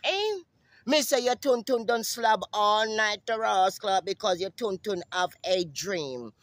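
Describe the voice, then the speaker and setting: A brash man with a Jamaican accent, ranting profanely in a casual vlog outdoors, repeating himself and breaking into sudden high-pitched calls. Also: a little slow, fairly bright tone, dry recording. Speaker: vlogger. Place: outdoors in the sun.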